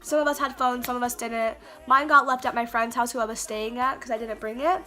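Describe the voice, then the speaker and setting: A woman's voice: a little high, steady tone, a little fast, bright, forceful tone, soft background music. Chatty young-sounding woman, stammering storytime. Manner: chatty, many fillers and restarts, stammers. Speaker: vlogger. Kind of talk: casual storytime to camera. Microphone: camera mic.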